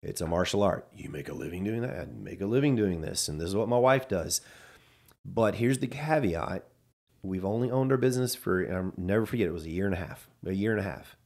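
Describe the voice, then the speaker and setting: A man's voice: lowish voice, lively intonation, brisk, creaky, a little mellow. A man telling a personal story in casual chat, acting out the dialogue he quotes.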